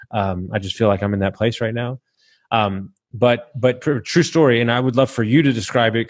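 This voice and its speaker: A man in his thirties telling his own story on a podcast, rambling and halting, swearing freely and emotional at times. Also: mid-range voice, dry recording. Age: 30s. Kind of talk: candid personal storytelling.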